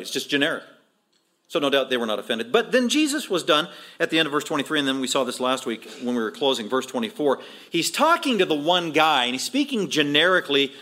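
Male pastor, middle-aged, expository sermon, animated, emphatic, acts out voices, slightly high voice.

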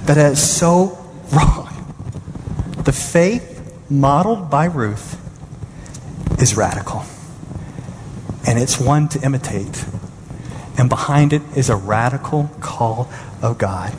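Animated preacher man in an echoing hall. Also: takes it slowly, long pauses, noisy background. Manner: animated, acts out his own panic in high exclaims. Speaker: pastor. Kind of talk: sermon. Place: church sanctuary. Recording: reverberant hall with faint ambience.

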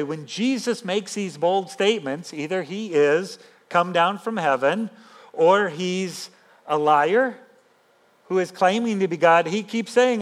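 A man pastor giving a sermon in an animated, emphatic, conversational way. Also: high-pitched.

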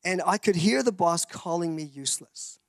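A man telling his life story as a sermon, his voice high and gravelly. He rambles with many restarts and slips into voices for the people he quotes. The sound is close and dry. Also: normal speed, dry recording. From Canada. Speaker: speaker giving a testimony.

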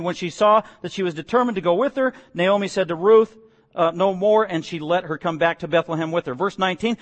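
A man preaching a sermon, reading scripture and retelling it in casual everyday words with jokes. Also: high voice. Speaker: pastor. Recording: long hall reverb.

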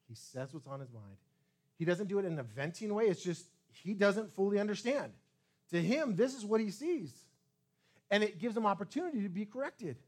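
Male pastor, fairly high voice, very lively pitch, preaching a sermon, swinging loud and soft. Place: church sanctuary.

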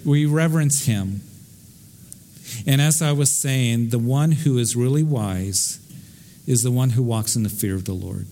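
A man's voice: mid-range voice, a little slow, slight background noise. A middle-aged American man, a pastor, teaching verse by verse through the Bible in a conversational way, telling stories and often restarting his sentences. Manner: conversational, warm storytelling with frequent restarts.

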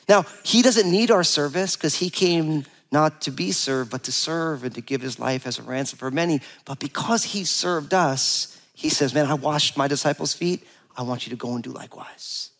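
A pastor in his forties, speaking a little high at a moderate pace, works a personal story into his sermon. Humor runs through it, and he plays out the dialogue in an animated, playful way.

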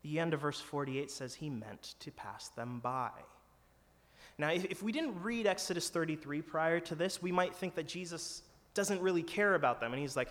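A man's voice: on the high side, normal speed, a bit bright. A man preaching a sermon in an earnest, conversational way, acting out quoted lines with some drama. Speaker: pastor. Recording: long hall reverb.

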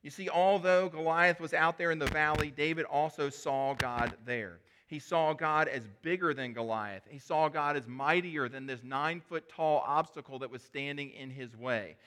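A man's voice: fairly high pitch, fairly even intonation, normal speed, few pauses, a bit bright, a little hiss or hum. A male pastor preaching a sermon, retelling a story in a conversational way with rhetorical questions.

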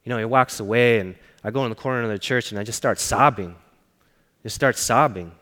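A man preaching a sermon, telling a personal story earnestly and often dropping to a hushed voice. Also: medium pitch, brisk. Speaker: pastor. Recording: long reverb of a large hall.

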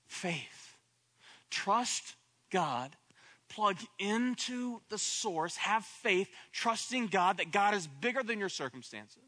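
A man's voice: high voice, pushed and bright. A man preaching a sermon, repeating phrases and building to impassioned cries. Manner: repetitive, rising to impassioned cries at peaks.

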